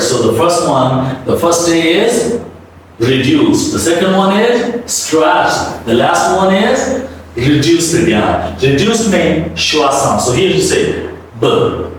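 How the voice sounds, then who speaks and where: A man teaching English pronunciation, modeling words slowly and repeatedly and asking the listener to say them back. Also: fairly high pitch. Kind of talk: classroom-style pronunciation lesson. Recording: echoey room from a distance with faint background hum.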